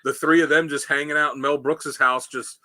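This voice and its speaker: A man with a somewhat high, steady voice talks fairly quickly as he co-hosts a relaxed chat show. He rambles through tales and acts out quotations in a sharp tone, with no room sound audible.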